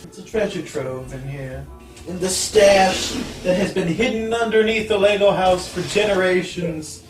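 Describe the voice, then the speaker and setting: A woman's voice: on the low side, normal speed, soft background music. A young woman hosting a casual vlog with a friend, playful and giggly, slipping into sing-song teasing. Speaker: vlog host. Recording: echoey room, mic at a distance.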